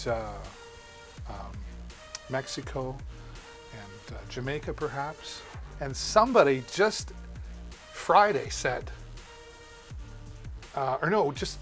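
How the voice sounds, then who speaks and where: A man hosting a live shopping stream, chatting casually and greeting viewers by name as he demos products. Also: mid-range voice. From Canada.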